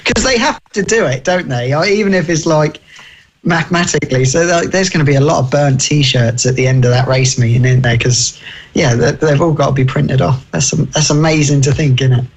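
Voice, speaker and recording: A man's voice: on the high side, a little fast, breathy edge. A man co-hosting a casual motorsport radio chat, chatty and wry. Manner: chatty, wry, chuckling asides.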